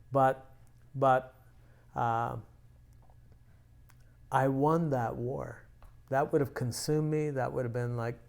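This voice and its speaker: A man's voice: medium pitch, gravelly, darkish tone. A male pastor teaching a sermon, telling a personal story in a conversational way with frequent restarts.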